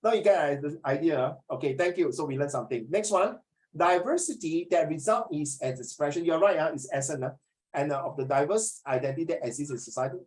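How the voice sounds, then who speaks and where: This is a middle-aged man with a Singaporean English accent who is teaching a class. He jokes, keeps things lively and fires questions at his students. His delivery is chatty and full of local turns of phrase. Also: on the high side, fairly quick, poor audio. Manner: joking, animated, asks students questions.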